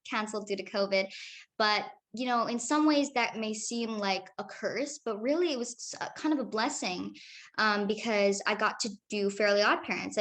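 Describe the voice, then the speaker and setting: A woman's voice: medium pitch, fairly bright tone. A teenage girl, a young actress, answering interview questions in a chatty, upbeat way with many fillers.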